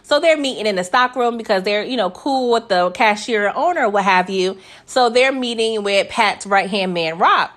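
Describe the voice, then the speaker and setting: A woman's voice: medium pitch, moderate pace, hardly any pauses, fairly bright tone. A woman casually recapping a TV episode in a chatty, slangy way, often tacking on "okay?" and laughing between points. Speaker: TV recap host.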